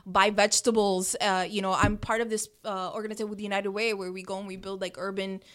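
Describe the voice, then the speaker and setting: A woman from Miami with a Miami accent, chatting as a podcast guest in an animated, slangy way, dropping Spanish words. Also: mid-range voice, quick pace. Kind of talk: casual podcast chat.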